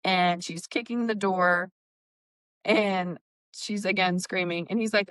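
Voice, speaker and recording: Woman podcast host retelling a book plot, smooth clear voice, dry close mic. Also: mid-range voice, slow, no echo. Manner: animated recapping, acts out quotes, swears. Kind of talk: casual book discussion.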